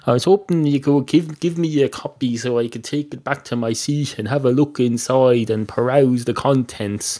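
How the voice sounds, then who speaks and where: Fussy, prim talking cat at a bar, a man doing the voice, pitched up and finicky. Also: normal speed, hardly any pauses, dark tone, close to an everyday voice. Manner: prim and polite, turning rude.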